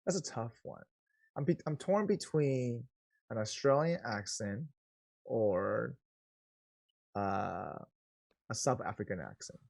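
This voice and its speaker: A man co-hosting a casual podcast chat, excitable and quick to interrupt with questions. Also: mid-range voice, creaky, no echo, clean studio sound. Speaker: podcast co-host.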